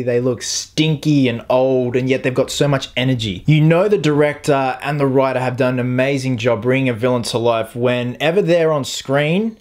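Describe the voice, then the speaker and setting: A man giving a casual, enthusiastic and profane film review vlog on a cheap taped-up microphone. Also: mid-range voice.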